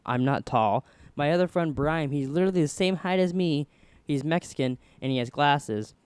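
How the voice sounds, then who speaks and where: A young man hosting a podcast, casually rambling through an animated story. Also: fairly high pitch, moderate pace, smooth, dry recording. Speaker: podcast host.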